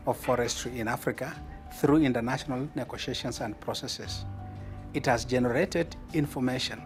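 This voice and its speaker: A man in a documentary interview, speaking with firm, repetitive emphasis. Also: mid-range voice.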